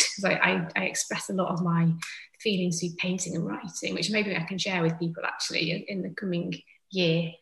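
Woman, yoga teacher guest, bright tone, roomy echo, soft reflective pace. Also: fairly low pitch, vocal fry. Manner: gentle, reflective, with soft fillers. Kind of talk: casual conversation.

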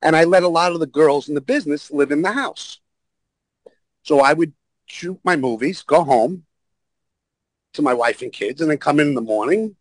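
A man's voice: fairly high pitch, moderate pace, long pauses, dry recording, poor audio. A man guest telling blunt, profane stories and acting out the other people in them. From New York. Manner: blunt, profane, acts out voices in his stories. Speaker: podcast guest storyteller. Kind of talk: animated anecdote telling.

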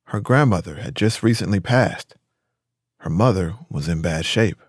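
A man narrating a documentary story in a measured, scripted way. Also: sits low, husky, no room sound, studio quality.

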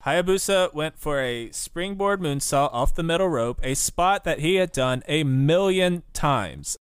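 Male narrator, higher voice, smooth resonant tone, dry close sound, scripted recap. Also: lively intonation, unhurried, dry recording. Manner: read-aloud recap. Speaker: podcast co-host.

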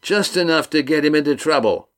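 A man reading the part of a tough innkeeper, speaking in a calm, dry, teasing way. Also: a little high, a little fast, pitched above the performer's own voice, lightly acted. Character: tough, wry innkeeper, calm under threat.

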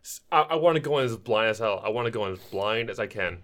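Excitable man co-hosting a podcast. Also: on the low side, quick pace. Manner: excitable, acts out quoted voices. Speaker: podcast co-host. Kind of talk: casual gaming podcast chat.

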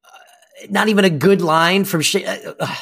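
A woman's voice: on the low side, steady tone, moderate pace, gravelly, a bit bright, husky. A woman co-hosting a podcast, chatting casually about a sitcom episode with playful asides and frequent laughter. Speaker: podcast co-host.

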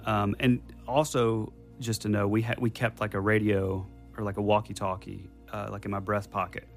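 A young man with a fairly low voice recounts a story casually, piling on details and circling back to restart his sentences. Faint music plays behind him. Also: little pitch movement, normal speed. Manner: rambling, detail-heavy recounting with many restarts. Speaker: podcast guest telling a personal story.

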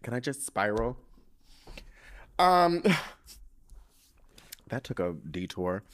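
A man's voice: mid-range voice, big pitch swings, very slow, a bit bright, smooth. A man hosting a casual solo podcast into a microphone, rambling and emotional and swearing freely as if he were on the phone. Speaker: podcast host.

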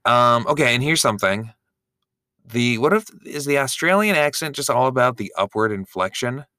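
Man co-host, crisp and bright, dry close sound, joking casual recap. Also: mid-range voice, animated, moderate pace, no echo. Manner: wry, joking. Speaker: podcast co-host.

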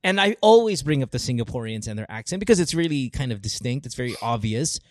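A man hosting a radio show, chatting in a lively, excitable way and laughing often. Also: mid-range voice, quick pace, dry recording, clean studio sound. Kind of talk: casual chat.

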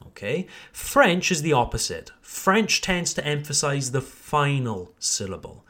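A man teaches pronunciation on a podcast, with a somewhat high voice that rises and falls freely. He speaks slowly and with emphasis, modelling words carefully for his listeners. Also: very animated. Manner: slow, emphatic modelling of words, addresses listeners as ladies and gentlemen.

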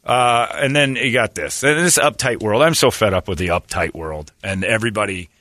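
A man's voice: lowish voice, moderate pace, bright, forceful tone, no room sound, clean studio sound. A man hosting a casual talk show, ranting sarcastically and mocking the people he quotes. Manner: sarcastic, mocking, reads quotes in put-on voices. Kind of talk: casual talk radio banter.

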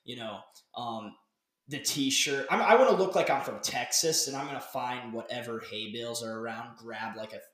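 Young man, podcast host, casual chat, animated, swearing, roomy echo. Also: mid-range voice, moderate pace. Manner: animated, rambling, swears freely. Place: dark home office.

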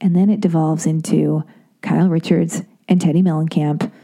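A woman in her thirties with a low, gravelly voice speaks at a moderate pace. Her casual monologue rambles, and as she gets worked up she stutters, restarts, and interrupts herself. She's animated, and she quotes other people in acted voices.

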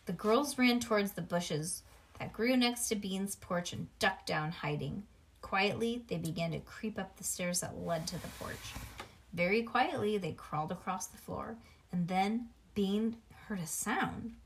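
A woman's voice: medium pitch, unhurried. Woman reading a children's book aloud. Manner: animated, with asides to a child listener. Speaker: reader.

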